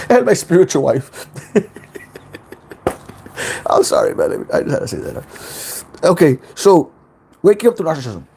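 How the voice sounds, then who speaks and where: A man's voice: on the high side, wildly swooping pitch, slow pace, vocal fry, long pauses, darkish tone, a little hiss or hum. A man hosting a casual spiritual self-help livestream from home, rambling, repeating words and swearing freely.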